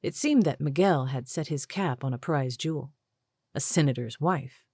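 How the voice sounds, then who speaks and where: Low female audiobook narrator, steady and measured, dry close mic. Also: breathy edge, dry recording. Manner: measured, even storytelling. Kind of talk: scripted narration.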